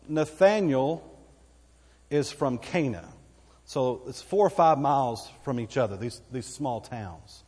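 This pastor's voice is mid-range and darkish, with a Texan accent. In a church sanctuary he delivers a folksy, conversational sermon and asks the congregation for amens, recorded with long church hall reverb.

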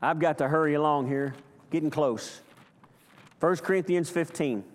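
A man preaching a sermon with passion, swinging from loud outbursts to hushed, slow lines. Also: fairly high pitch. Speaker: pastor. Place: church sanctuary. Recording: long hall reverb.

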